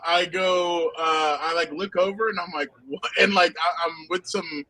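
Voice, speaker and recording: A man co-hosting a casual football podcast, telling animated anecdotes and laughing often. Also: sits high, unhurried, few pauses, rough recording. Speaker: podcast co-host, football reporter. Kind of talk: casual sports podcast chat.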